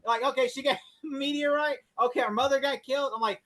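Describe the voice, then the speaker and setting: A man co-hosting a casual show chat, animated and profane, laughing often and acting out quotes. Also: extremely high pitch, quick pace, hardly any pauses. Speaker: podcast co-host.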